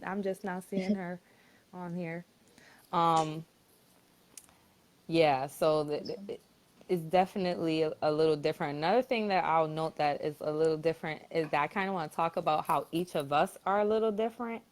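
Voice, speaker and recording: A woman's voice: deep voice, moderate pace. A woman in her twenties, the eldest sister, chatting casually on a live stream and laughing often. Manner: chatty, laughs often, uses dialect grammar. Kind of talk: casual chat.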